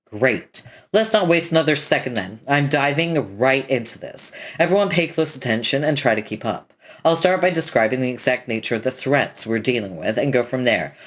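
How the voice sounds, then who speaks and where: Woman, very deep voice, husky, lively pitch, comic read-aloud with voices, casual asides. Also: normal speed. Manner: animated, switches between character voices; adds casual commentary between dialogue. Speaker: reader of a webcomic. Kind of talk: reading a comic aloud, voicing each character.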